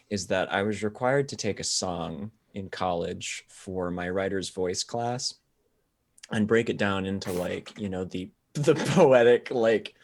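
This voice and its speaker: A young man co-hosting a live-streamed podcast, telling stories in a casual chat and laughing often. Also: low voice. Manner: animated storyteller, laughs often. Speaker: podcast co-host.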